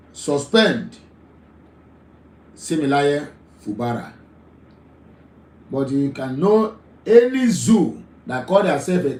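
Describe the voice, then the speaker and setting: Nigerian guy running a call-in show, repeats himself a lot, pitch jumps all over, roomy echo. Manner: emphatic, repeats phrases, laughs often. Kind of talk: live call-in talk show monologue.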